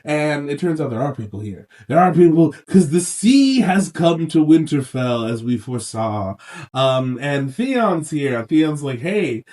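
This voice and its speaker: A man with a slightly high voice co-hosts a casual podcast recap. He has been sick for days, but he talks in an animated way, swears, and jumps into silly voices for the characters. His voice sits a little back from the mic. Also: a little slow, recorded from a distance. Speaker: podcast co-host.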